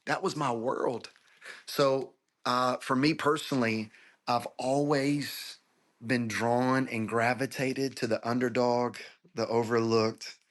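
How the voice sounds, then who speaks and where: A Florida pastor in his forties, interviewed over a video call, tells the story of his life in an earnest, emotional way. He speaks slowly, with a medium pitch and a steady tone.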